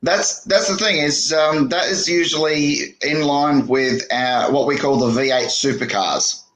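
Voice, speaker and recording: An Australian man chatting casually on a podcast, talking haltingly with many fillers. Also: fairly high pitch, fairly bright tone, rough recording.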